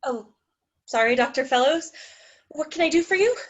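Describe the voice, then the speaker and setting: A woman's voice: high-pitched, animated, moderate pace, muffled recording. A woman playing a gushing, squeamish female receptionist with a fluttery manner, in a live play reading.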